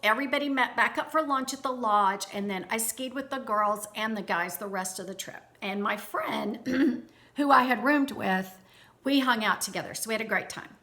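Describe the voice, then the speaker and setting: Bright-voiced woman telling a story. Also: a little high, moderate pace. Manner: chatty, animated retelling with many restarts; addresses viewers directly. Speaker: vlogger. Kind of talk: storytime, personal anecdote.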